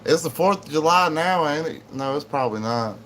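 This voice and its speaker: A man's voice: fairly high pitch, animated, brisk, a bit bright, slight background noise. A man chatting casually on a livestream, rambling in a laid-back way to his viewers and his dog at home. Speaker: livestream host.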